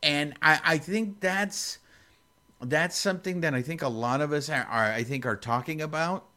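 A man's voice: on the high side, a little fast, pushed and bright. A man co-hosting a casual podcast, telling a story in a rambling, emotional way with many restarts. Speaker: podcast co-host. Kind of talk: casual chat.

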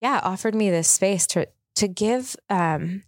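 A woman's voice: mid-range voice, measured pace, dry recording, studio quality. A woman in her thirties hosting a podcast, telling a personal story in a chatty, open, reflective way. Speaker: podcast host. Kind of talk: casual chat.

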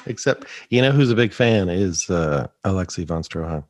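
A man co-hosting a podcast, joking in a lively casual chat. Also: low-pitched, moderate pace. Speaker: podcast co-host.

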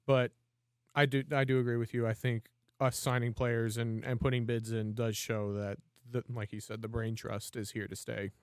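A man's voice: mid-range voice, little pitch movement, moderate pace, clean tone, no room sound, studio quality. Laid-back joking man on a fan podcast. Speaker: podcast co-host. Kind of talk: casual fan podcast chat.

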